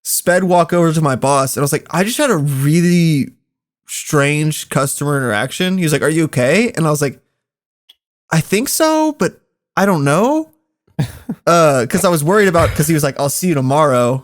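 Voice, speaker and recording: Young man telling a wild story, high voice. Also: moderate pace. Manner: laughs often, animated retelling. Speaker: podcast co-host telling a story. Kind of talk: casual storytelling.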